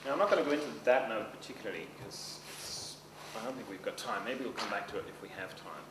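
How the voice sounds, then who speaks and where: A man's voice: on the low side, lively intonation, fast talker. A man teaching a seminar class, talking in a loose conversational way and checking in with his listeners often. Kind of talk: seminar lecture. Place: seminar room. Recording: roomy, distant mic with background noise.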